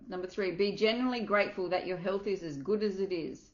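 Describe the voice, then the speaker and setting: A woman's voice: medium pitch, fast talker, echoey room, lo-fi sound. A woman coach reading a self-help book aloud, earnest, with small slips and asides.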